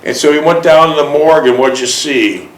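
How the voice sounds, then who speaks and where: A man's voice: fairly high pitch, brisk, echoey room, poor audio. A male host interviewing a veteran, asking leading questions and summing up in emphatic statements. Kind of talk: interview and book reading.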